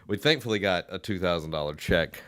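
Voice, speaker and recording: Low-voiced Southern band director. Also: male voice, animated, fairly quick, fairly bright tone. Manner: rambling, hesitant, many fillers. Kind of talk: casual podcast chat.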